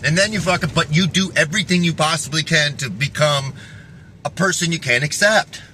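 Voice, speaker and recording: A man's voice: a little high, fairly quick, sharp tone, slight background noise. A man giving a rambling, profane vlog monologue, often breaking off and restarting his sentences. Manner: profane, restless, self-interrupting. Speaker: fitness vlogger.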